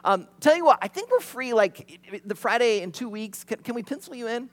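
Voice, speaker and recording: A preacher playing an impatient, dismissive Jesus who scolds and brushes people off, as an imagined example in a sermon. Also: male voice, very high-pitched, big pitch swings, moderate pace, pitched above the performer's own voice. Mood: breezy brush-off. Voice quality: exasperated, scolding.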